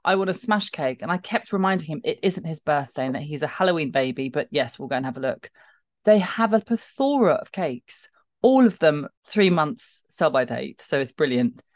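Low-voiced chatty woman. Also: expressive, moderate pace, darkish tone, no room sound, studio quality. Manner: chatty, wry, teasing. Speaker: podcast co-host. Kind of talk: casual chat.

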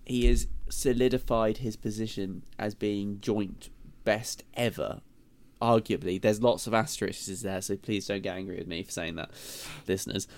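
A man hosting a casual podcast debate, halting and restarting often, quick to apologize. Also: lowish voice, fairly even intonation, a little mellow. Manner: hesitant, self-interrupting, apologetic. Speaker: podcast host.

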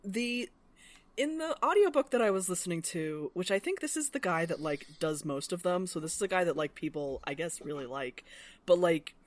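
A woman's voice: lowish voice, expressive, moderate pace, dry recording. A woman co-hosting a podcast, chatting casually about books, laughing often and swearing freely. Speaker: podcast co-host. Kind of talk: casual book-club chat.

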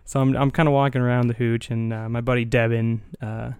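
A man's voice: mid-range voice, flat delivery, brisk, a little mellow, clean tone, dry recording. A young man hosting a casual chat, telling a story in a laid-back way, laughing often and swearing casually. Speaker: podcast host.

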